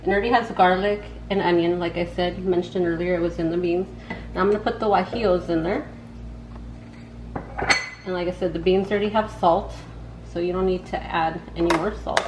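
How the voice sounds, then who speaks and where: A woman's voice: on the low side, fairly even intonation, brisk. A woman hosting a casual cooking vlog from her home kitchen, chatty and slangy, talking straight to her viewers. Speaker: home cook host. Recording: echoey room with background noise.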